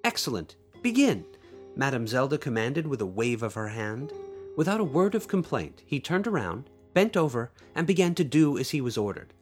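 A man hosting a podcast, reading his own short story aloud in an expressive storytelling way, with playful asides to listeners. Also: mid-range voice, moderate pace, soft background music. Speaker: podcast host and author.

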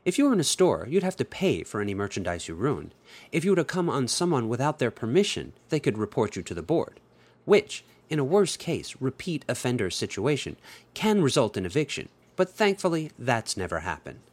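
Male narrator, adult audiobook, expressive storytelling, very animated intonation. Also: mid-range voice, fairly quick.

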